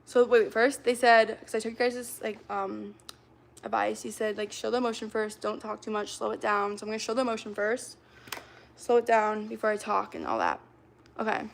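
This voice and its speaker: A woman's voice: medium pitch, a little fast, creaky, slight background noise. A young woman livestreamer chatting casually with her viewers, rambling and full of fillers as she sets up acting games. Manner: rambling, filler-heavy, talks to chat.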